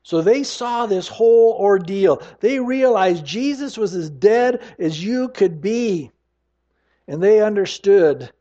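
A man preaching a sermon with emphasis, slowing down to stress the scripture lines he quotes. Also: high-pitched, sing-song, a little mellow, muffled recording. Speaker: pastor.

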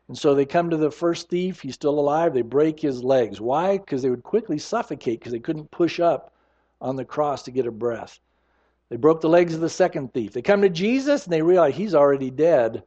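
A man preaching a sermon with emphasis, slowing down to stress the scripture lines he quotes. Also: a little high, a little mellow, highs cut off. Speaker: pastor.

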